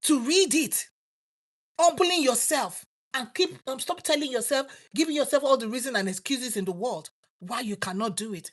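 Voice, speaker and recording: A woman's voice: high-pitched, lively intonation, fairly quick, a bit bright. A woman with a Nigerian accent preaching a sermon, exhorting her listeners with rising and falling emphasis.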